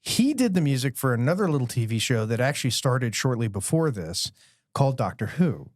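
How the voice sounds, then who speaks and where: A man's voice: medium pitch, sing-song, fairly quick, darkish tone, no echo, clean studio sound. A man co-hosting a podcast, rambling through movie trivia and chuckling at the jokes. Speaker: podcast co-host. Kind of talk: casual chat about a film.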